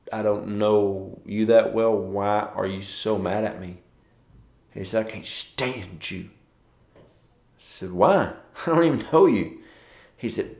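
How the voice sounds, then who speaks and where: A man with a low, gravelly voice, talking through a morning devotional like a pastor chatting with friends. He tells stories and acts out quoted exchanges in a loose, conversational way. The sound is roomy and echoey. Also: darkish tone. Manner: conversational, storytelling with quoted dialogue.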